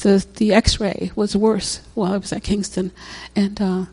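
Unhurried and flat in delivery, this older woman speaks in a medium-pitched voice that's dark and slightly rough. She chats through a personal testimony, laughing a lot and repeating herself.

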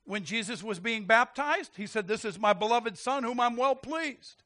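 A man preaching a sermon, animated, quick to laugh and calling out questions to his congregation. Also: very high voice. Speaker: pastor.

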